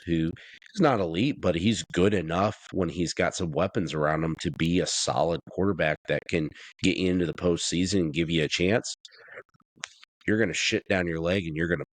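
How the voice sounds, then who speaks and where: A man with a very low, deep voice rants bluntly through a casual sports podcast chat. The sound is dry and close, with no room around it. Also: no room sound. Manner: blunt, ranting, swears freely. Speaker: podcast co-host.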